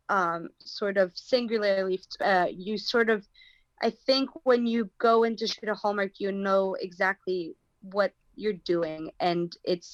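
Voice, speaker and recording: A woman's voice: medium pitch, a bit bright, no echo, dull audio. An actress with an American accent, talking thoughtfully in an interview and searching for her words. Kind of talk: casual interview talk.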